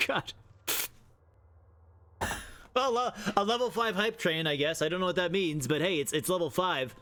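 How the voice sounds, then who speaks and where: Excitable young man streaming a game. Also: high voice, moderate pace, pauses often. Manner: excitable, swears a lot, laughs often. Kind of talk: casual live-stream chat.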